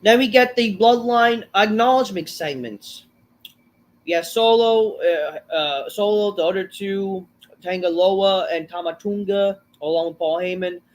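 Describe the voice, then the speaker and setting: A man's voice: sits high, a little slow. A man hosting a casual review of a wrestling show, rambling and swearing. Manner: rambling, profane, full of fillers and restarts. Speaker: show host.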